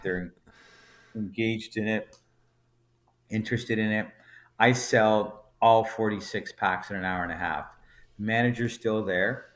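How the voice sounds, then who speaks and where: A man, a brewery co-founder guest on a podcast, telling an anecdote and acting out the dialogue as he goes. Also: on the low side. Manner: animated storyteller, acts out dialogue in quotes. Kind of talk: storytelling anecdote in conversation.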